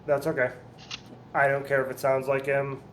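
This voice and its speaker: A man's voice: mid-range voice, monotone, moderate pace, fairly bright tone. A man playing a tabletop game, stating his moves plainly and easygoing. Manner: plain, easygoing, declares actions matter-of-factly. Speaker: player. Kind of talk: casual tabletop play.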